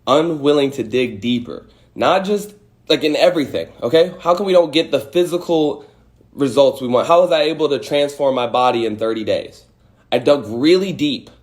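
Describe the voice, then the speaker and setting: Guy doing a motivational live stream, swears, acts out angry voices, kinda high voice. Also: moderate pace, darkish tone. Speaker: host. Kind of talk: casual motivational talk on a livestream.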